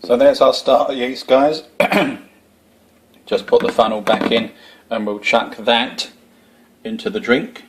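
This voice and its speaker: A man's voice: medium pitch, steady tone, takes it slowly, long pauses, breathy edge. Chatty Essex man vlogging. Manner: chatty, rambling, self-deprecating. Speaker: homebrew vlogger. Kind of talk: casual chat to camera.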